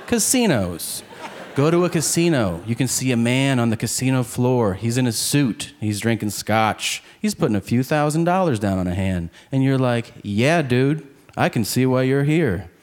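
A man's voice: mid-range voice, animated, moderate pace, darkish tone. A man doing a stand-up comedy set on stage, acting out the voices of the people in his jokes. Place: comedy club stage before a live audience. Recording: live club recording with crowd noise. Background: audience laughter and crowd noise.

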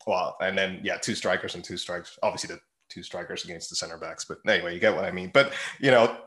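A man's voice: sits low, steady tone, quick pace, fairly bright tone. A man co-hosting a casual football podcast, rambling with many fillers and frequent laughs. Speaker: podcast co-host. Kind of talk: casual chat about football.

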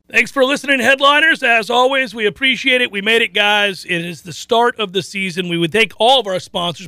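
A man's voice: high voice, bright, forceful tone, no room sound. A man hosting a casual sports talk radio show, reading listener questions and laughing easily.

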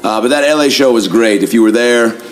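Loud, swearing male podcast host. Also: medium pitch, fairly quick. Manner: energetic, swearing, rambling with fillers. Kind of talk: casual podcast monologue.

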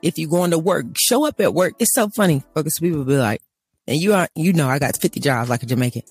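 A woman's voice: deep voice, animated, fast talker, darkish tone, slightly rough, soft background music. A woman co-hosting a faith talk show, ranting emphatically and acting out little dialogues. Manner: emphatic, acts out dialogues, laughing asides. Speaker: co-host. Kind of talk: animated faith talk, preaching rant.

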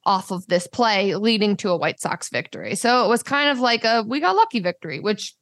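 A woman co-hosting a sports podcast, chatting casually and telling stories in an animated way. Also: mid-range voice, brisk. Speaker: podcast co-host.

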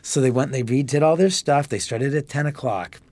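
A man telling a story as a podcast guest, animated and profane, acting out the dialogue. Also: medium pitch, brisk, dry recording. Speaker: homeowner guest.

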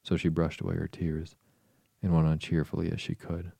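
A male narrator reads a storybook in an even, measured way. His voice is extremely low and flat, with a dark, gravelly tone. The recording is dry and close. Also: no room sound. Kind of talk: audiobook narration.

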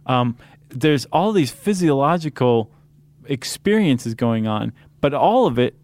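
A man's voice: mid-range voice, lively intonation, measured pace, darkish tone. A man co-hosting a podcast in casual chat, joking and rambling with lots of fillers and restarts. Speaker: podcast co-host.

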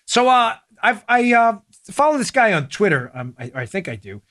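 A man hosting a political commentary podcast, chatty and animated as he reacts to clips. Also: high-pitched, moderate pace, no room sound, clean studio sound. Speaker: podcast host.

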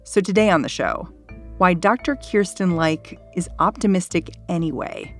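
A woman hosting a news podcast, narrating in a measured, conversational way and asking interview questions. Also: lowish voice, animated, faint music behind. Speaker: podcast host.

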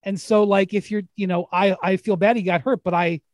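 A man's voice: high-pitched, fairly even intonation, a little fast, no echo, studio quality. A man hosting a casual sports chat, telling stories in a rambling way with many restarts and laughs. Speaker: podcast host.

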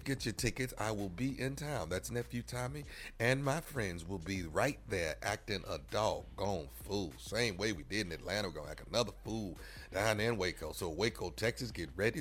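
A man on a radio morning show doing a prank call, loud and excitable, his voice a bit strained. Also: lowish voice, slight background noise. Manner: loud and excitable, bursts into laughter. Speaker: radio comedian and prank caller.

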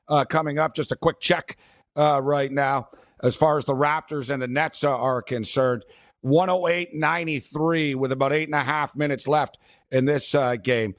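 A man's voice: on the high side, dry recording. A man hosting a sports betting talk show, rambling casually with many fillers.

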